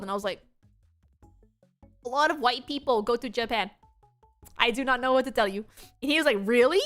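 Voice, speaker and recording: A young woman VTuber chatting casually on stream, telling stories in an animated way with lots of laughter. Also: on the high side, a little fast, long pauses, soft background music. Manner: animated storytelling with frequent laughter.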